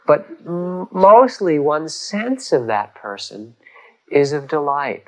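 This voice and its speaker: A man giving a dharma talk as a meditation teacher, gentle and reflective, pausing often and rising in emphasis on key words. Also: a little high, rough recording.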